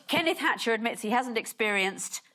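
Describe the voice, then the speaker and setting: A woman's voice: a little high, expressive, a little fast, very noisy. Wry woman hosting a comedy quiz. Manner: dry, wry delivery of jokes. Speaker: quiz show host. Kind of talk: scripted comic quiz presenting.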